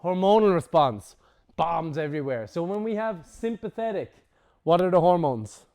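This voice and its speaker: A man teaching a breathwork workshop to a group, casual and lively, swearing now and then and acting out examples. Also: on the high side, moderate pace. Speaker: breathwork instructor.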